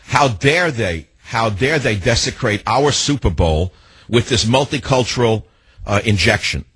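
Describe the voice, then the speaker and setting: A man's voice: medium pitch, animated, measured pace, a bit bright, slightly rough, dry recording. An older man hosting a call-in radio talk show, ranting indignantly and firing off emphatic rhetorical questions.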